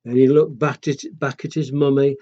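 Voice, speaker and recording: A man reading a children's picture book aloud in a gentle, chatty way and asking the listeners questions. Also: mid-range voice, flat delivery, moderate pace. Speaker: storyteller. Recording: dull lo-fi recording.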